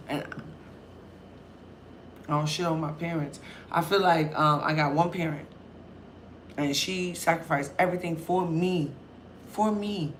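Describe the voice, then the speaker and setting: A young woman vlogger, chatting loudly and telling stories straight to camera. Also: fairly low pitch, a little slow, slight background noise. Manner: loud, chatty storyteller. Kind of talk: casual talk to camera.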